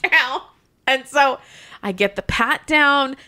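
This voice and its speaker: A woman's voice: high voice, slow, pushed and bright. A woman in her thirties hosting a podcast, telling a story casually, acting out quotes and laughing often. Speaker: podcast host.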